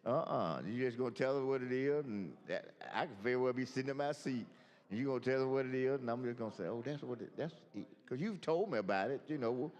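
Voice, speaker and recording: A man's voice: medium pitch, quick pace, a little mellow, highs cut off. A man, a state senator speaking informally at a floor microphone, loose and rambling with many restarts. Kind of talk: informal remarks on the chamber floor. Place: large legislative chamber. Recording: long reverb of a large hall.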